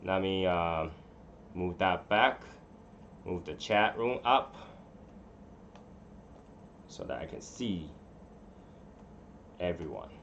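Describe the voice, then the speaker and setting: Man, low voice, casual live-stream host, rambling, mutters to himself, dull lo-fi sound. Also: lively intonation, slow pace, gravelly, pauses often, fairly bright tone, slight background noise. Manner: rambling, mutters to himself while fiddling with settings. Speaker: livestream host. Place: room at home.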